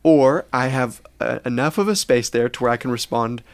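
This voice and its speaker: A man's voice: mid-range voice, lively intonation, a little fast, vocal fry, no echo. A man co-hosting a faith podcast, explaining ideas in an earnest, teaching way. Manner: earnest, explanatory, acts out quoted reactions. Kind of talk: reflective faith podcast talk.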